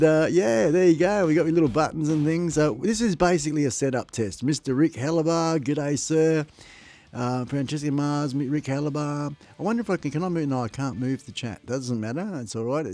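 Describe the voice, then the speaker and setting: A man's voice: on the high side, a little mellow, no room sound. An Australian man chatting casually on a live stream, jokey and laughing often, talking to his chat viewers close to his microphone at home. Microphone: close desk microphone. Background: faint music.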